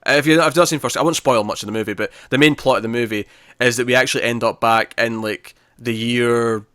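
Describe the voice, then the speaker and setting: A man co-hosting a casual TV review podcast, recapping scenes in an animated way and acting out quoted lines. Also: mid-range voice, quick pace, smooth, no echo, clean studio sound. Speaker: podcast co-host.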